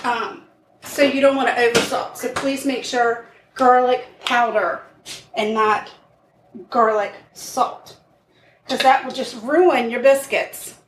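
A woman co-hosting a podcast from her home kitchen, chatting casually and reacting with gasps and quick remarks. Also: fairly high pitch, steady tone. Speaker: podcast co-host. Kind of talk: casual chat. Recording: echoey kitchen, noise and clicks.

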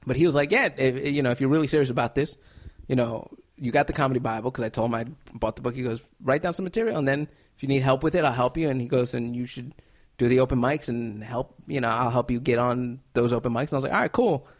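A man who is a stand-up comedian, telling animated stories with laughs in a casual interview. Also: mid-range voice, quick pace. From United States.

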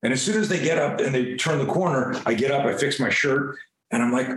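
A man guest on a podcast, telling a story in a lively, animated way, swearing casually and acting out the scenes. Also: medium pitch, fairly quick, reverberant, poor audio.

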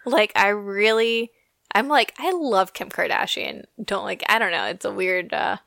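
A young woman co-hosting a casual pop-culture podcast, gossipy and quick with jokey asides. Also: medium pitch, lively intonation, creaky, a bit bright, dry recording, clean studio sound. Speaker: podcast co-host.

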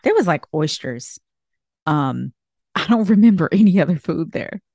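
A woman's voice: on the low side, animated, normal speed, darkish tone, breathy edge, no echo, lo-fi sound. Chatty woman hosting a podcast. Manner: chatty, laughs often, asks questions. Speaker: podcast host. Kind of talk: casual podcast chat.

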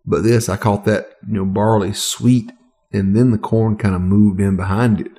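A man's voice: on the low side, steady tone, moderate pace, mellow. A man from the American South co-hosting a casual whiskey tasting, easygoing and joking, with hesitant restarts.

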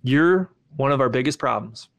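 A man's voice: mid-range voice, animated, normal speed, creaky. A man voicing a blunt, demanding male college hockey coach who talks in a stern, matter-of-fact way.

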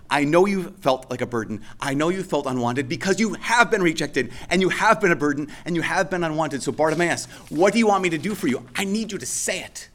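A man voicing Jesus as a compassionate, gentle man, speaking earnestly and repeating his phrases. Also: a little high.

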